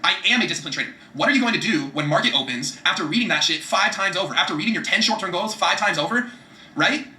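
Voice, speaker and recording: A man giving a fast, profane, emphatic motivational talk about setting goals, often repeating himself for emphasis. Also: high voice, animated, pushed and bright, roomy sound. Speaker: vlogger giving trading and goal-setting advice.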